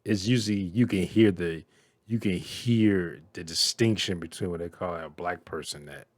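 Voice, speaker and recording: Southern man, low voice, casual reaction host, blunt and profane, dry close sound. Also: moderate pace, dry recording. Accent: Southern American. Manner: profane, blunt, laughing, mimics characters.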